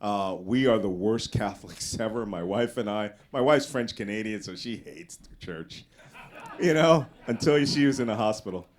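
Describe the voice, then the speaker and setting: A man's voice: lowish voice, normal speed. A man giving a casual, anecdotal talk as a guest speaker to a live audience, often raising his voice to act out the people in his stories. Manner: animated storyteller, voices quoted people loudly.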